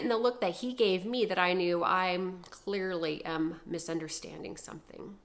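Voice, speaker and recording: A woman vlogger telling a personal story in an animated, dramatic way, swinging between loud bursts and hushed asides. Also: on the low side, moderate pace.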